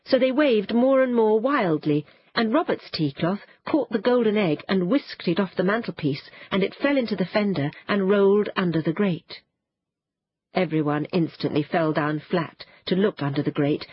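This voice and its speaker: A woman narrating a children's storybook in a lively, expressive way. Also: mid-range voice, moderate pace, breathy edge, no echo. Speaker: audiobook narrator. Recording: dull, muffled dry studio sound.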